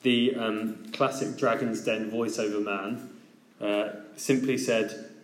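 A man's voice: fairly low pitch, fairly even intonation, slow, roomy sound, poor audio. A man preaching a sermon in a conversational, storytelling way, speaking in a church.

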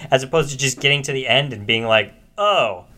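A man co-hosting a casual podcast chat, animated and profane, explaining his views at length. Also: mid-range voice, fast talker. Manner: animated, profane, quotes movie lines with big shouts. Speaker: podcast co-host.

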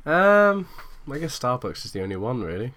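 A woman's voice: rumbling low, sing-song, fairly bright tone. A woman co-hosting a casual chat, teasing dryly and laughing often. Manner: dry teasing, quick to laugh. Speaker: podcast co-host.

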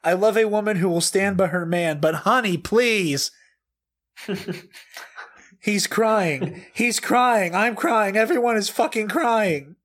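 A man's voice: high voice, lively intonation, slow pace, fairly bright tone. A man giving a dramatic comedic reading, profane and over the top, laughing often, speaking into a desk mic he has pushed back. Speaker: comedic reader. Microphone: desk mic, pushed back and turned down.

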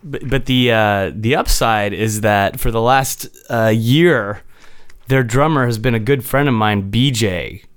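A man's voice: medium pitch, a little slow, clean tone, no echo, clean studio sound. A man on a podcast telling a casual, rambling story about a gig, often restarting his sentences and chuckling. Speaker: podcast co-host and gigging musician.

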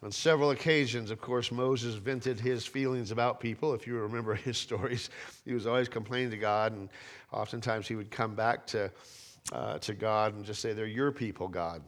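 Middle-aged male pastor, mid-range voice, conversational sermon with loud emphatic surges. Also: mid-range voice, flat delivery, moderate pace. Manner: conversational preaching, rising to emphatic peaks, restarts and repeated words.

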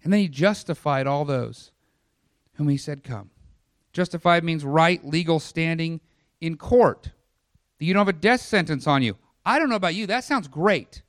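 Male pastor, sermon delivery, fairly high voice, dry close sound, swings between loud build-ups and hushed asides. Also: lively intonation, normal speed, dry recording. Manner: dynamic preaching, voice swelling for lists then dropping low and quiet; conversational asides to the congregation.

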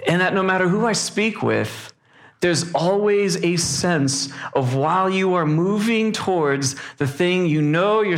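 A male pastor preaching a sermon in a reflective way, pausing often with fillers. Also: a little high.

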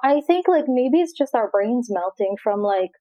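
A high-voiced woman in casual conversation who laughs easily and jokes at her own expense. Her voice comes through a little dull and muffled. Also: expressive. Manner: giggly, quick, self-mocking chatter. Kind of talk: casual chat.

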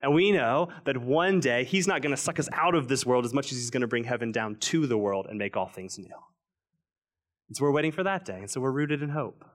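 A man in his thirties preaching a sermon, slowing down and dropping his voice to stress key lines. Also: mid-range voice. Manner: earnest preaching, stretches key phrases slowly, drops quiet for emphasis. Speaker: pastor.

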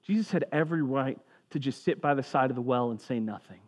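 A man preaching a sermon in a relaxed, conversational way, sinking low and quiet when he reads scripture aloud. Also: fast talker. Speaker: pastor.

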